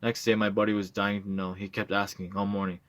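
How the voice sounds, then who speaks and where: A man's voice: on the low side, level tone, fairly quick, dry recording, natural voice. A man reading a novel aloud, voicing a boastful, coarse drunk male war veteran telling his stories. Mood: bragging. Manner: bragging, coarse, swaggering storyteller.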